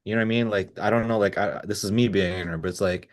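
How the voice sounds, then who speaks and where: A man's voice: on the low side, very fast. A man from India coaching a client over a video call, laid-back and casual, saying "bro" often and swearing lightly. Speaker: business coach.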